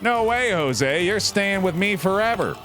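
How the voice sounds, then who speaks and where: A high, cackling jester who gloats over his trapped guest, as a man puts him on. His voice leaps sharply upward and swings wildly on every taunt. He sounds delighted with his own trickery. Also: lively intonation, measured pace, over music. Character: gleeful mocking male jester captor.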